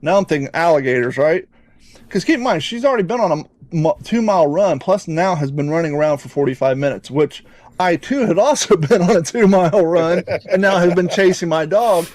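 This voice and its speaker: A man hosting a podcast, telling a rambling, profane story in an animated, casual way. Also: a little high, a little fast. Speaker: podcast host.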